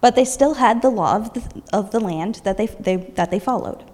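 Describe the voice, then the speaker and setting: A woman preacher retelling a story in a lively sermon, voicing its characters along the way. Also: medium pitch, normal speed, big-room sound.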